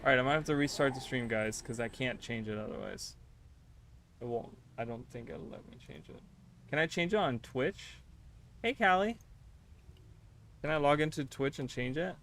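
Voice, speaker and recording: A man's voice: medium pitch, fairly quick, a bit bright. Chatty male game streamer. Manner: chatty, talks to viewers, easily flustered and exasperated. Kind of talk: casual livestream chat while gaming.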